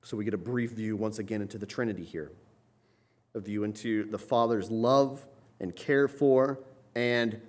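A man preaching an expository sermon, explaining as he goes and often checking in with "right?", his voice building to loud, emphatic passages. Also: on the low side.

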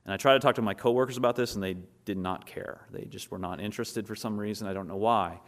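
A male pastor preaching a sermon, acting out quotes in animated storytelling with a son at home. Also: fairly low pitch, fast.

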